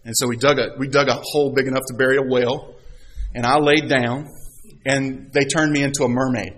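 Pastor, middle-aged man, mid-pitched voice, preaches with stories and rhetorical questions. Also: fairly even intonation, brisk, fairly bright tone, rough recording. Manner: storytelling with rhetorical questions and scripture readings. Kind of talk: sermon.

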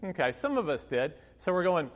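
A man in his fifties preaches from the front of a church, drifting into a personal story with plenty of fillers and little laughs along the way. His voice sits a touch high for a man. Behind him the sound rings out in a long hall reverb. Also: big pitch swings, fairly quick. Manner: storytelling, chatty with many fillers, laughing asides. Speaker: pastor.

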